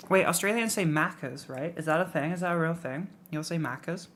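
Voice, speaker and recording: A young British woman chats casually on a live stream in a deep voice, talking a little fast. She rambles and lets her phrases trail off quietly.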